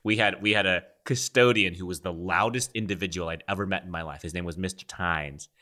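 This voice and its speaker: A man co-hosting a casual podcast chat, telling animated stories with laughs. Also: deep voice, a little fast. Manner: animated storytelling with voices and laughs. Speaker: podcast co-host.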